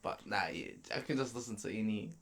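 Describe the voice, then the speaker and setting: A man's voice: lowish voice, fairly quick, fairly bright tone, slight background noise. A young man, a dancer guest in a podcast, telling stories in casual slangy chat and laughing often. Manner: laid-back slangy storytelling, laughs often.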